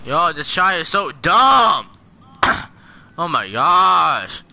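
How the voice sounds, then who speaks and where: A young man doing gameplay commentary, loud and hoarse from yelling, swearing at other players. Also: on the high side, big pitch swings, very slow, no echo. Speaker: gamer streamer.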